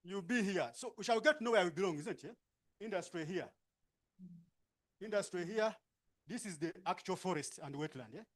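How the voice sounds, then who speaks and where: With lively intonation and a high voice, this man facilitates a workshop in Ugandan-accented English, briskly assigning people to groups and often tagging questions onto his sentences.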